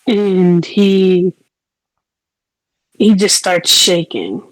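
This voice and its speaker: A woman narrating her character in a tabletop game, lowish voice and a slow, hesitant pace. The sound is dry and close. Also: dry recording, low-quality recording. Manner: hesitant, soft-spoken narration. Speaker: player.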